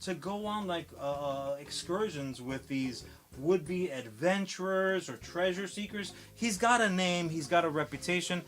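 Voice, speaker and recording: A man's voice: high-pitched, animated, unhurried, fairly bright tone. A man casually recapping a film on a podcast, swearing often and acting out the characters' lines. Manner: profane, rambling storytelling with acted quotes. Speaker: podcast co-host.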